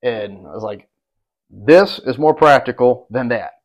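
A man's voice: mid-range voice, a little slow. A man co-hosting a podcast, telling a long hunting story in a casual, rambling, profane way and getting worked up when he quotes others. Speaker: podcast co-host. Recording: dull lo-fi podcast audio.

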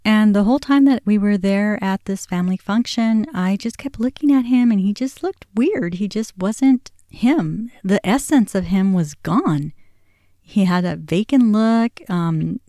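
A woman's voice: mid-range voice, measured pace, warm tone, no echo, studio quality. A woman in her forties hosting a podcast, candidly recounting her family's story in a conversational way, acting out quoted dialogue with many "you know" fillers. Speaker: podcast host. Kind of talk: personal storytelling.

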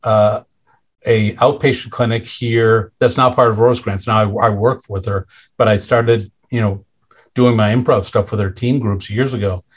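A middle-aged man, a podcast guest, telling a personal story in a candid, conversational way, halting often with restarts and fillers and acting out what others said. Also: fairly low pitch, fairly even intonation, breathy edge. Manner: acts out others' lines in quoted voices.

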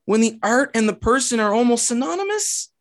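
A man's voice: very high voice, very animated, brisk, no echo, clean studio sound. A man hosting a casual sports podcast, ranting hotly with swearing and repeated phrases. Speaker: podcast host.

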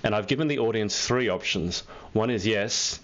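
A man's voice: fairly low pitch, moderate pace, fairly bright tone, dull audio. A man hosting a live online interview over a video call, chatty and teasing. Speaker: host.

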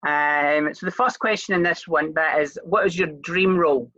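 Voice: medium pitch, moderate pace, pushed and bright, dry recording, lo-fi sound. A Scottish interview host chatting casually, rambling a little with fillers and restarts.

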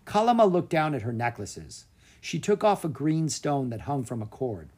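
Breathy, lively storybook narrator. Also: mid-range voice, moderate pace. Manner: lively read-aloud with voiced characters. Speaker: audiobook narrator.

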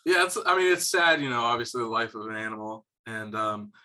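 A young man co-hosting a podcast, casually telling hunting stories, swearing freely and getting animated when he quotes people. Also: mid-range voice, a little fast. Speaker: podcast co-host. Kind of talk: casual storytelling chat.

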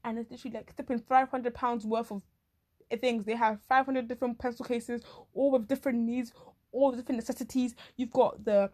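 A young woman talks animatedly in a casual comic monologue, full of slang and quick asides. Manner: animated, slangy, quick asides, acts out others in shrill voices. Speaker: vlogger.

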